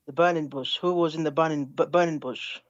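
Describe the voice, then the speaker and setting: A man calling into a live debate over an online call, speaking in a hesitant, halting way and asking to keep things calm. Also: a little high, dry recording. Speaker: caller in a debate. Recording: dry, dull lo-fi call audio.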